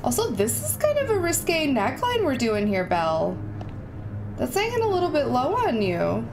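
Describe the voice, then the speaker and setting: A woman hosting a game reaction video, animated and giggly, talking back to the screen. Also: sits high, moderate pace, background noise. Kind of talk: reaction commentary. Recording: game music under the voice. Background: video game music and dialogue.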